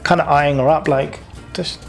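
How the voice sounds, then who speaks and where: A man's voice: on the high side, steady tone, measured pace, soft background music. A man with a British accent running a tabletop game as game master, in a casual, chatty way with many fillers.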